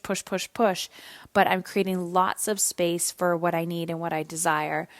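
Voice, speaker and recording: A woman's voice: lowish voice, no room sound. A woman in her thirties hosting a solo podcast, talking candidly and casually with some swearing, tired and yawning. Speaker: podcast host.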